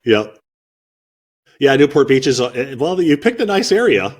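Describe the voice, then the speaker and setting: A man's voice: medium pitch, big pitch swings, a little slow. A man hosting a podcast, chatting casually and agreeably with his guest, often repeating his own phrases. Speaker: podcast host. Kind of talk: casual interview chat.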